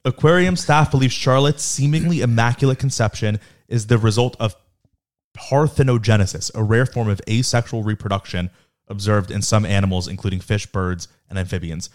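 Low-voiced man on a casual podcast. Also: fairly even intonation, brisk. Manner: reads news items aloud, jokes and laughs often. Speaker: podcast co-host. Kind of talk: casual chat.

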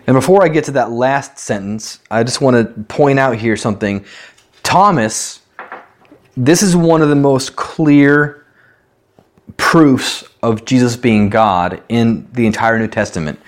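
A man's voice: medium pitch, measured pace. A man teaching a Bible study as a pastor, explaining verses in a conversational way and asking rhetorical questions. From United States.

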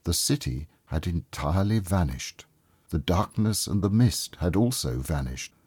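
A man reading a classic story aloud as storybook narration, in a calm, measured and expressive way. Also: low voice, slightly rough, no echo.

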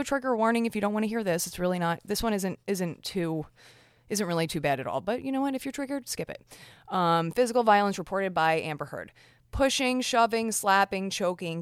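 A woman's voice: mid-range voice, no room sound, studio quality. A woman hosting a casual commentary podcast, talking frankly and chattily with lots of fillers and restarts. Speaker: podcast host.

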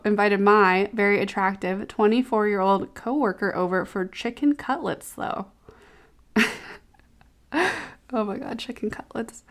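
Candid woman podcast host, mid pitch. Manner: candid, reacts with exclamations and laughs. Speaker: podcast host, physical therapist. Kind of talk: casual solo podcast, reading posts aloud.

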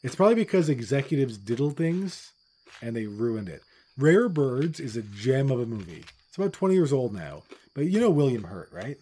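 A middle-aged man from with its holds forth in loose podcast chat. His voice is dark and mellow, and he rants bluntly, swearing freely as he goes. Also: medium pitch, big pitch swings, normal speed, breathy edge. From Newfoundland, Canada. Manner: blunt, profane ranting. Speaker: podcast co-host. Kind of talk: casual chat.

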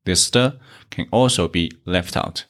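A man with a very low voice gives a beginner language lesson. He speaks slowly and with care. He explains each rule step by step and repeats every example. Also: fairly bright tone. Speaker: Chinese language teacher. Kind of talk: slow, deliberate grammar lesson.

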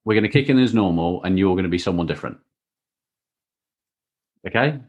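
Chatty, lively-voiced male podcast host. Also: low voice, muffled recording. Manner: chatty, jokey, quick to tease. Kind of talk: casual podcast chat.

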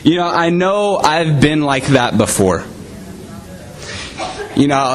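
A man's voice: on the high side, sing-song, takes it slowly, pauses often, slight background noise, poor audio. A man preaching a sermon in a conversational way, often saying "you know".

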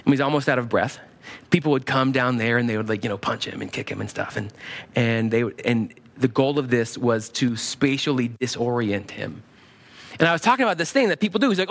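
A man preaching a sermon as a pastor, animated and acting out quoted prayers in a raised voice. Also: medium pitch, brisk.

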